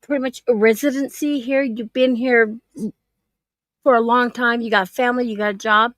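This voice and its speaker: A woman's voice: on the high side, fairly even intonation, moderate pace, no room sound. A middle-aged woman telling stories in casual chat, laughing often and swearing freely.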